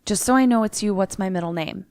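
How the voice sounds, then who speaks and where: A woman voicing a calm, gentle middle-aged male priest in her own soft, composed voice while retelling a movie. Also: medium pitch, fast, clear, resonant tone, no room sound, natural voice.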